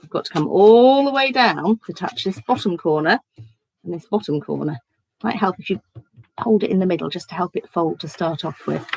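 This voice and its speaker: Brief: woman, lower register, leads a kids' church craft lesson, chatty and instructive. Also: expressive, moderate pace, vocal fry, a little mellow, slightly rough, no room sound, poor audio. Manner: chatty, step-by-step instructing, giggly. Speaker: children's church leader. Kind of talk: online craft lesson for children.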